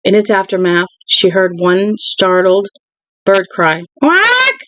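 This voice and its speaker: Audiobook reader, novel narration, even unhurried delivery, middle pitch, dry close mic. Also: clear, resonant tone, dry recording, rough recording. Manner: even, unhurried reading with occasional restarts. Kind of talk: reading a novel aloud.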